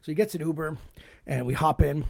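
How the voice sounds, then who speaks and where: A man's voice: fairly high pitch, brisk, creaky, dry recording, studio quality. A man hosting a podcast, telling crude stories in casual, swearing chat. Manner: crude, swearing, animated storyteller. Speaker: podcast host.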